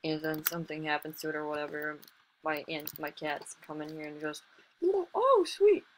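A woman casually commentating her own online gameplay as a channel host, chatty and excitable, with sudden exclamations and self-mocking remarks. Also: sits low, brisk, slight background noise.

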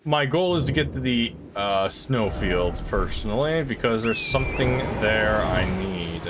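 A young man giving casual, rambling commentary as he plays a video game, talking to himself with sudden excited outbursts. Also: lowish voice, unhurried, noisy background. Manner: chatty, rambling, self-talk with excited outbursts. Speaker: gaming channel host. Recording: game music playing behind. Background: game music.

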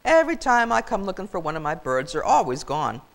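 A woman's voice: lowish voice, sing-song, fairly quick. A woman voicing a bewildered, chuckling old male farmer in a children's storybook reading, hollering to his wife. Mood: puzzled.

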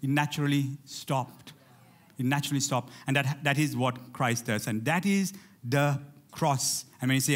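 A man preaching a lively sermon in church, calling out to his congregation and urging them to respond. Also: fairly high pitch. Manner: animated, rallies the congregation with call-outs. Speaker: pastor.

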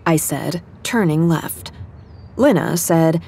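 A woman's voice: low-pitched, slow pace, vocal fry, a little mellow, slightly rough. A woman giving tense, intimate first-person dramatic narration in an audio drama.

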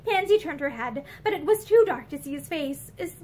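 A woman reading a novel aloud in an expressive, measured way, recorded indoors in a room with bookshelves. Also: high voice, a little hiss or hum. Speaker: reader.

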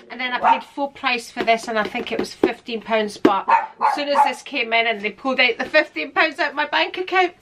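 A woman's voice: a little high, very noisy. A woman vlogging casually to camera in her room at home, chatting, laughing often and sometimes talking with food in her mouth.

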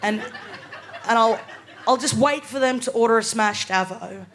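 A woman's voice: on the high side, moderate pace, fairly bright tone. Chatty Australian woman doing stand-up. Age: 20s. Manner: chatty, laughing storyteller, keeps asking "right?". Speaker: comedian. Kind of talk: stand-up comedy. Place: live comedy venue with audience.

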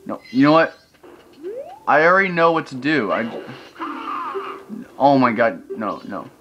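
A man's voice: mid-range voice, big pitch swings, unhurried, a bit bright, lo-fi sound. A man giving gameplay commentary, ranting in frustration and swearing often. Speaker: let's play host. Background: video game music.

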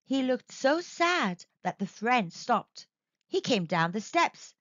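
Kids' storybook reader, woman, slow and expressive; dull lo-fi, dry sound. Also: on the high side, dry recording. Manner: slow, expressive, sing-song reading for kids. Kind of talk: storybook read-aloud.

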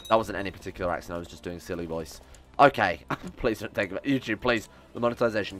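Brief: young man, lowish voice, casual sarcastic game commentary with swearing, faint music underneath. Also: expressive, fairly quick, fairly bright tone. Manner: chatty, sarcastic, swears, talks back to game characters. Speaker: gaming YouTuber.

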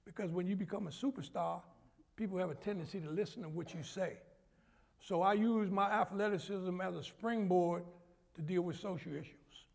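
Older man with a gravelly high voice. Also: normal speed. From New York. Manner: animated storyteller who acts out the voices in his tales. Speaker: panel speaker. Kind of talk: storytelling on a stage panel. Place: university theatre stage.

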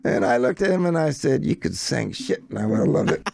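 An older American man with a gravelly, creaky voice tells a rambling story and quotes the people in it. His sound is close and dry, with no room around it. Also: medium pitch, brisk, dry recording. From United States. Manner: animated anecdote, quoting others in shifting voices. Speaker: songwriter guest. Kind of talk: casual storytelling.

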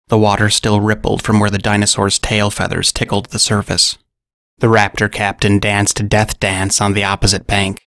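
A man telling a scripted story in narration, with a dry, deadpan humor. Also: fairly low pitch, dry recording.

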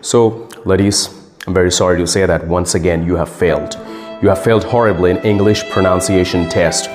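A man playing a stern English teacher who spells words letter by letter and repeats them slowly and formally. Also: low-pitched, steady tone, darkish tone, long reverb tail, faint music behind, lightly acted. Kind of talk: comedic sketch acting.

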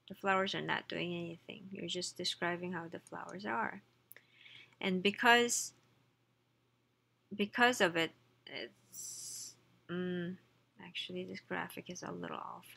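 Gravelly, bright woman teaching a lesson. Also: fairly low pitch. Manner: reads Korean lines fast, then explains slowly in English; asides, slips and self-corrections. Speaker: Korean language teacher. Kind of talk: explaining a textbook lesson.

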